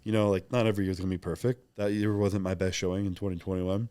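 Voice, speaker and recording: A man's voice: deep voice, level tone, fast, dark tone, clean tone, no room sound. A young man talking openly and reflectively as a podcast guest, rambling with many fillers in casual interview chat.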